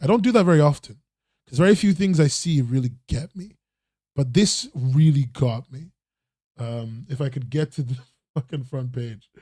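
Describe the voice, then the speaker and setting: Rambling low-key male podcast host. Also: warm tone, no room sound. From not American. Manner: rambling, self-interrupting, swears casually. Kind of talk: casual livestream news roundup.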